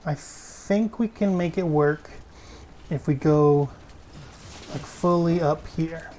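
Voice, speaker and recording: A man giving casual gameplay commentary as a streamer. He chats freely, swears often and breaks into sudden loud exclamations. He talks while sitting in a desk chair at home. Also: fairly high pitch, takes it slowly, a little hiss or hum. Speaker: gaming streamer.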